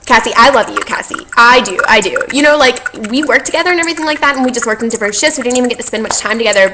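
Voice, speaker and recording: A young woman with a drawl speaks straight to her camera in a heartfelt thank-you vlog. Her voice sits at an ordinary middle pitch. She gushes and rambles with warm affection, breaking into small laughs as she goes, over a faint hiss of background noise. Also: rough recording. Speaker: vlogger.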